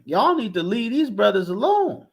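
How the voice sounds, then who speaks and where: Man, high voice, profane repetitive rant, casual talk. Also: sing-song, normal speed, creaky, husky, dull audio. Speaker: commentary vlogger.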